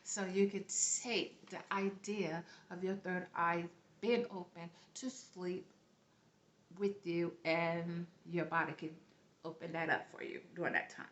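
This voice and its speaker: A woman's voice: lowish voice, steady tone, a little slow, fairly bright tone. A woman giving casual spiritual teaching to her viewers. She talks in an earnest way, repeats herself, and often checks in with "okay?", and she has a light accent. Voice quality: light accent, self-noted. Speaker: spiritual vlogger. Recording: roomy, dull lo-fi recording.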